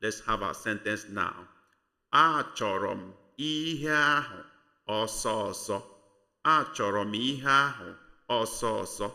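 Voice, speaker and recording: Slow, bright-voiced male language tutor. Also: fairly low pitch. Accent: Nigerian. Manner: slow, deliberate teaching, repeating words for learners. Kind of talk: spoken language lesson.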